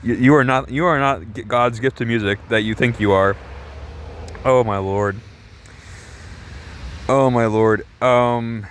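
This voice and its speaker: A man's voice: medium pitch, a bit bright, clean tone. A man ranting casually about a movie, rambling with lots of "like" and sarcastic swearing. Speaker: movie reviewer. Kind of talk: casual film review rant.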